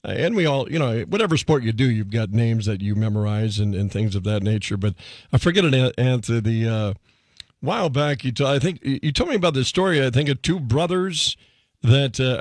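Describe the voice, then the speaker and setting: A man's voice: medium pitch, expressive, fairly quick, dry recording, studio quality. A man hosting a radio show, chatting casually and rambling through his questions with lots of false starts. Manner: rambling, hesitant, many fillers and restarts.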